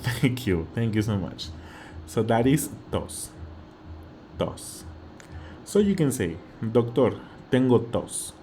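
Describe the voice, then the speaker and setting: A man's voice: medium pitch, very animated, slow, dark tone, soft background music. A man with a Mexican accent teaching vocabulary, patiently repeating each word and often checking in with "okay?". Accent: Mexican Spanish. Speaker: Spanish teacher. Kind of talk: slow vocabulary lesson.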